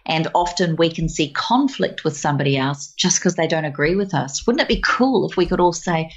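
A woman speaking as a guest, telling everyday stories in an animated, expressive way. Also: deep voice, fairly quick, dull audio. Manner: animated, expressive storyteller who slips into voices. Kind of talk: casual conversational storytelling.

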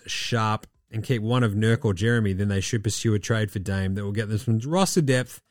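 A man hosting a casual podcast, swearing and rambling, his voice going hoarse. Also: mid-range voice, no echo, clean studio sound. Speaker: podcast host. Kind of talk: casual basketball chat.

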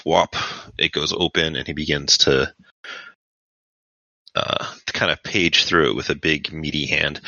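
A man serving as game master, narrating a tabletop game in an unhurried, descriptive way with fillers. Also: a bass voice, steady tone, creaky, pushed and bright, dry recording, highs cut off.

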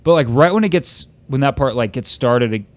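Brief: male podcast co-host, relaxed chatter, profane and halting, close dry recording. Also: mid-range voice, no echo. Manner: loose and profane, with frequent restarts. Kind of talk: casual chat.

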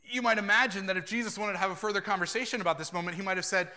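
A man preaching a sermon as pastor, earnest and animated, acting out quoted lines and laughing now and then. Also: high-pitched, quick pace, hardly any pauses.

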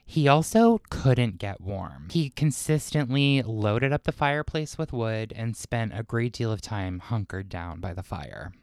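A man's voice: fairly low pitch, animated, a little slow, hardly any pauses, a little mellow, clear, resonant tone, no echo, studio quality. A man co-hosting a podcast, telling a story from prepared notes and breaking into chatty asides. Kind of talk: casual storytelling chat.

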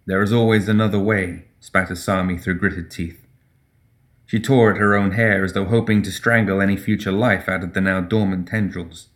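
Deep voiced guy reading a grim fantasy story, steady and measured. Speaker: narrator. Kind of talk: scripted narration of a dark fantasy story.

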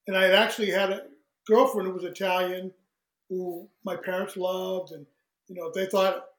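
Animated high-voiced man telling stories. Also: moderate pace, reverberant, low-quality recording. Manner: animated storyteller who acts out quoted voices, laughs often. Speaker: guest, singer. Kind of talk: storytelling in a casual interview.

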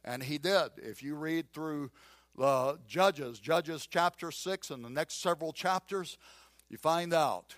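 A man preaching a sermon as pastor, emphatic and animated, repeating key phrases and acting out doubting voices. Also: a little high, slow, dry recording. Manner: acts out voices of a doubting listener and a drawling Gideon.

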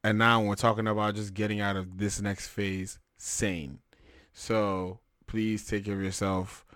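A young man hosting a casual talk show, laid-back and animated, with plenty of slang and fillers. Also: lowish voice, unhurried, no echo, studio quality. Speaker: podcast host. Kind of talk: casual chat.

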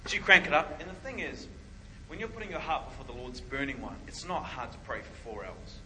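A man preaching a sermon, telling a story in an animated way and acting out what people said. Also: fairly high pitch, a little fast, background noise. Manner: animated storytelling with acted-out quotes.

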